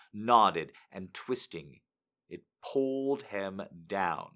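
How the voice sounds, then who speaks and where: A man hosting a live show, reading romance excerpts aloud in a deliberate, sensual manner that dips toward a near-whisper. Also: deep voice, sharp tone. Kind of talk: dramatic reading on a live stream.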